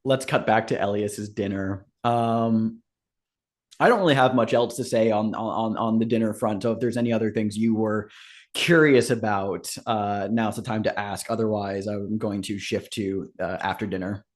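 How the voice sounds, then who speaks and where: A man's voice: lowish voice, steady tone, normal speed. Casual man narrating as game master. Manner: casual, filler-heavy narration.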